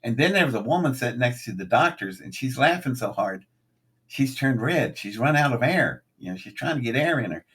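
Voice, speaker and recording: An older man with a husky, slightly rough voice tells a long story in casual conversation. He swings into quoted lines with lively, acted-out energy, pitching up for punchlines. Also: brisk. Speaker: guest.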